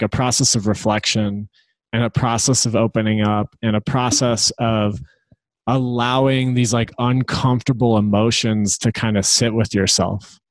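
A man's voice: medium pitch, no room sound, low-quality recording. Thoughtful male podcast host. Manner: thoughtful, searching for words. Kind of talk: conversational interview.

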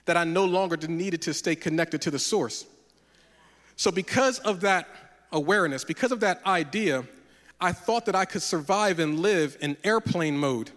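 A man preaching a sermon as a pastor, telling personal stories in an animated way and acting out the dialogue. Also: sits high, big-room sound.

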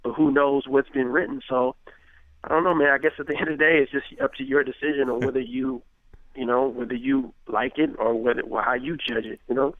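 A rapper from Richmond, California, talking casually as an interview guest, rambling and filling with "you know what I mean.". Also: male voice, mid-range voice, level tone, fairly quick, no room sound. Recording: tinny phone-like line, dry.

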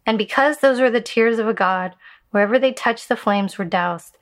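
A woman telling a Buddhist fable in a measured storytelling voice that slows for emphasis. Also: on the high side.

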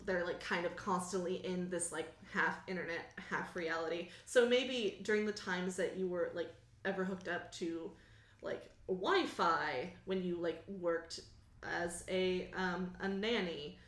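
A woman's voice: on the low side, unhurried, a bit bright. A woman narrating a tabletop role-playing game as game master, casual and laughing, full of "like" and "um". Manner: casual, laughs often, lots of fillers. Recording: echoey garage.

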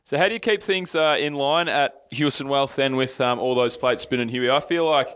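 A man hosting a podcast, asking questions in a quick, blokey way. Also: medium pitch, a bit bright, clean tone. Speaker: podcast host. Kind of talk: casual chat.

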